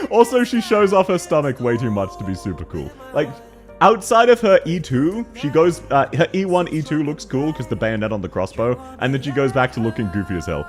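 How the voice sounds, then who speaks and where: An Australian man chatting on a game stream, quick to laugh and crude in his jokes. His voice sits at a middle pitch but swings widely and animatedly. He talks with casual, teasing energy. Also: very animated, faint music behind. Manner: joking, laughing often, crude banter. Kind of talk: casual livestream chat.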